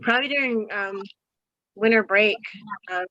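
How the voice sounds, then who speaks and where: A woman's voice: medium pitch, moderate pace, bright, forceful tone, muffled recording. A woman on a video call talking frankly about parenting, swearing freely and acting out what people said. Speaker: client in a coaching session. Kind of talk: candid casual talk.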